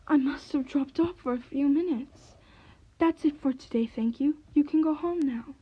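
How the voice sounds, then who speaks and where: A woman voicing a tired, kindly old male owl who teaches young animals, soft and weary. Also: high voice, normal speed, dull audio, close to an everyday voice. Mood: weary gentle.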